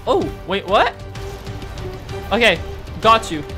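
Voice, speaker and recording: A young man hosting a gaming channel, giving excitable gameplay commentary, exclaiming and taunting his opponents. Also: sits high, takes it slowly, soft background music.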